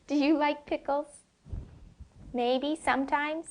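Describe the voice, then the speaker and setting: Woman teacher, slow and gentle, fairly high voice, questions for small children. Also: lively intonation. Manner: gentle, slow and drawn-out, asks the listener questions. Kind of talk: slow phonics lesson for young children.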